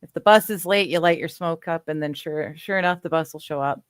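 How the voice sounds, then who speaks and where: A man hosting a casual video call chat, easygoing and quick to laugh. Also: a little high, smooth, dry recording, studio quality. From coastal region. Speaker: host.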